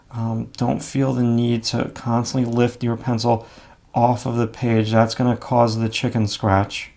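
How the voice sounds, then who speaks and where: A man giving a relaxed drawing lesson, talking through each stroke as he draws, with frequent fillers and self-critical asides. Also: medium pitch, creaky. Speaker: drawing instructor. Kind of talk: casual instructional narration while drawing.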